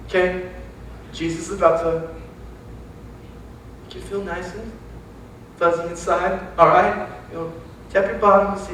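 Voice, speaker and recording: High-voiced youth pastor in echoey hall. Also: male voice, a little hiss or hum. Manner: animated, talks straight to the crowd with quick asides. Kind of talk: casual sermon. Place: church sanctuary. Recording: echoey church hall, mic from a distance.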